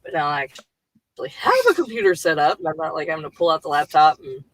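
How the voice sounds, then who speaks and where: A woman's voice: low voice, quick pace, fairly bright tone, no echo, low-quality recording. Rambling woman host on a headset. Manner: rambling, loose, with many fillers and casual swearing. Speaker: livestream host and writer. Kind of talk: casual livestream chat. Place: home computer setup.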